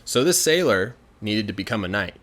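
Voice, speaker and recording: A man's voice: lowish voice, normal speed. Chatty male storyteller. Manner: chatty, many fillers, grows animated. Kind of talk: casual storytelling.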